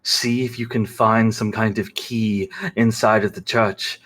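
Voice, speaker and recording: A man voicing a scheming male prisoner who speaks low and affectionately to his lover. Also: level tone, unhurried, a bit bright. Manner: low and affectionate, angry when crossed.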